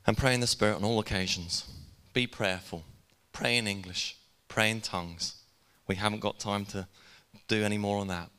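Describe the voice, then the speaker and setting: A man preaching a sermon in a conversational, energetic way, with casual asides to the congregation in a church. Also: lowish voice, moderate pace, clean tone, big-room sound. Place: church hall.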